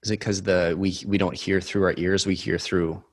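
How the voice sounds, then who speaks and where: A man co-hosting a podcast in relaxed, chatty, self-deprecating conversation with his guest. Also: low-pitched, normal speed. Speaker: podcast co-host. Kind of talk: casual interview chat.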